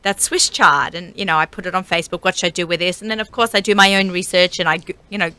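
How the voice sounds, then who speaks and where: A woman hosting a radio talk show, her voice bright and a little low-pitched. She chats casually, with plenty of fillers and frequent laughter. It sounds like easy studio conversation. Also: steady tone, quick pace, smooth. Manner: chatty, laughs often, many fillers.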